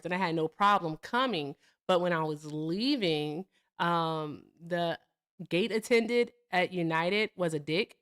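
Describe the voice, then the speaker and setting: A woman in her thirties hosting a live call-in stream, chatting casually and bluntly, swearing freely and giving viewers shout-outs. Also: lowish voice, clear, resonant tone.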